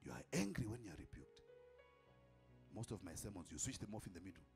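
A man's voice: low-pitched, big pitch swings, quick pace, gravelly, faint music behind. A man preaching a sermon as an apostle, calling out to the congregation and repeating lines for effect. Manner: emphatic, calls out to the congregation, repeats lines for effect, at times shouting.

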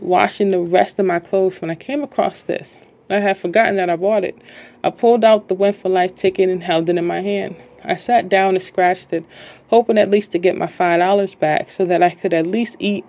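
Low, mellow-voiced woman reading her novel. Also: dull audio. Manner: halting, stops to correct her own misreadings. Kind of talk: casual read-aloud of a novel.

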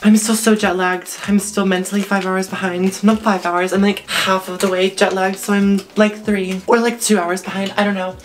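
A woman's voice: mid-range voice, flat delivery, normal speed, few pauses, a little hiss or hum. A teenage girl vlogging casually at home, chatty and self-mocking, filling her talk with "like", recorded on a camera mic in her bedroom. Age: teens. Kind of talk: casual vlog chat.

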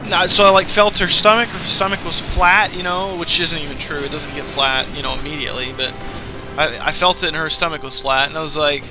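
A man's voice: fairly high pitch, steady tone, fairly quick, over music. A man in his twenties doing casual after-the-fact game commentary, rambling and swearing as he tells stories. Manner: rambling, profane storytelling. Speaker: gameplay commentator. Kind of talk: casual let's-play commentary, recorded after play.

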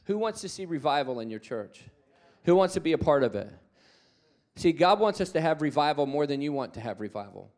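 A man preaching in a somewhat higher-than-average register, moving between quieter storytelling and bursts of energy. He acts out the people in his stories and keeps calling on the congregation to answer back. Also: brisk. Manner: animated storytelling, acts out quoted voices; calls for congregation responses. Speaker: guest preacher. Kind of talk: sermon.

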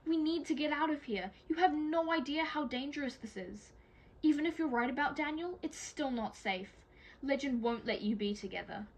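A woman's voice: high-pitched, lively intonation, normal speed, pitched above the performer's own voice. A woman voicing an anxious young older sister who pleads urgently, in a fan-read audiobook. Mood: pleading.

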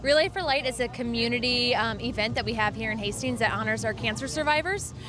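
A woman organizer answers questions in a slightly high, friendly voice, using many "um"s. Music plays clearly in the background. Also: fast talker. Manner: friendly, plain, many "um" fillers. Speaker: event organizer being interviewed. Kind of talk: casual outdoor interview.

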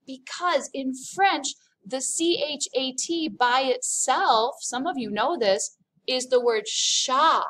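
A woman's voice: high voice, slow, a bit bright. Cheerful woman teaching a remote class. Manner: upbeat, over-enunciated French demonstrations. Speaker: French teacher. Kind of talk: recorded remote lesson.

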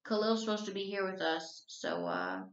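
A woman teacher reading a novel aloud to her class, telling the story at a steady, even pace. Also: on the low side, normal speed. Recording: roomy, slightly dull recording.

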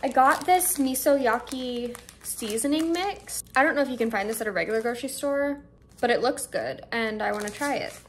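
A young woman with a fairly high voice talks through her shopping haul in a casual, excited way, thinking aloud as she tries each snack. She is at home, and a faint hum runs under her voice. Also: moderate pace. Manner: chatty, excited, thinks aloud while tasting. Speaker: vlogger. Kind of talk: casual haul and taste-test vlog. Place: indoors at home, air conditioner running.

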